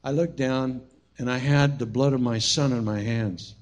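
A middle-aged man preaching a sermon as pastor, telling a personal story and swinging from hushed to shouting. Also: medium pitch, steady tone, normal speed.

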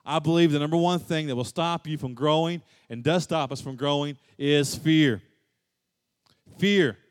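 A man's voice: on the high side, moderate pace, clean tone. Man preaching in an echoing hall. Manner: dynamic preaching, swings from loud emphatic to soft and hushed. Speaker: pastor. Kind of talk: sermon.

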